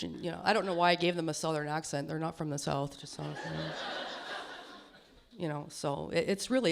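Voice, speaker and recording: Woman doing stand-up w a lisp, gravelly fry in her voice, laughs at her own jokes. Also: on the low side. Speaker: stand-up comedian. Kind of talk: stand-up comedy set. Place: small comedy stage before an audience.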